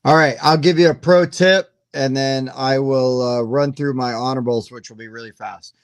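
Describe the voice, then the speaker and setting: A man chatting casually on a live show, lively and joking with quick asides. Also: mid-range voice, dry recording. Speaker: panelist on a live whiskey and board game show. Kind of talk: casual chat.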